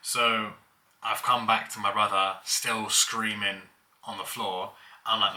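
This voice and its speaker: A man's voice: on the low side, little pitch movement, unhurried, sharp tone. A young man casually telling childhood stories, laughing as he goes. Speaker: vlogger. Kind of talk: casual storytelling.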